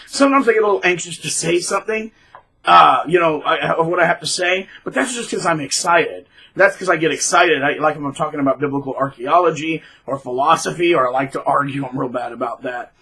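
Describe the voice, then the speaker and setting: A man talking casually to camera in a rambling, animated way, with frequent restarts. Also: on the high side, a little fast, gravelly, husky, rough recording. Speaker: middle school teacher, vlogger.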